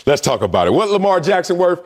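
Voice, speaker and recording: A former pro football player co-hosting a sports debate show, talking emphatically and playfully. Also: male voice, big pitch swings, fast talker. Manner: emphatic, swooping pitch, playful.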